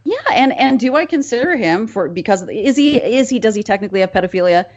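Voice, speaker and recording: A woman's voice: medium pitch, lively intonation, quick pace, darkish tone, muffled recording. A woman who is a forensic psychologist, talking frankly and chattily on a talk show. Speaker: forensic psychologist guest expert. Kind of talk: casual radio-style chat.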